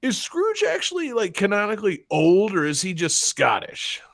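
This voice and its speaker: A man's voice: sits high, huge pitch swings, moderate pace, creaky, fairly bright tone, no room sound, studio quality. A man hosting a podcast in a casual, joking chat, swearing freely. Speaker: podcast host.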